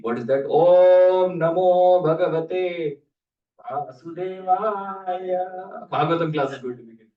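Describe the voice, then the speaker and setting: A man's voice: on the high side, highs cut off. Playful man preaching in an echoey hall. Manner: humorous, playful asides to the audience. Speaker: preacher giving a scripture class. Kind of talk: sermon storytelling. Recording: roomy hall, voice from a distance.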